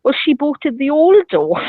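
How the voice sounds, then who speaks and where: A woman's voice: sits high, animated, normal speed, no room sound, phone-quality sound. A middle-aged woman, chatting and telling gossipy stories over the phone from a beer garden. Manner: storytelling with loud bursts of laughter. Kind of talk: casual chat.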